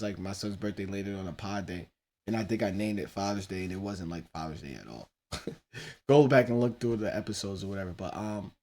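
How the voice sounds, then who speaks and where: A man in his thirties talks alone into his own podcast mic in an easy, meandering way. He curses freely and breaks into laughter between thoughts, restarting sentences as he goes. His voice sits at an ordinary middle pitch for a man. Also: a little mellow. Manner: loose, profane, laughing asides. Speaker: podcast host. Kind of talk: casual solo podcast rambling.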